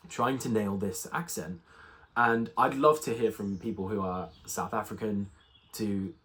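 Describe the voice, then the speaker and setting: A young man giving a casual spoken film review, rambling with many fillers and restarts. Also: lowish voice. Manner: rambling, full of ums and restarts.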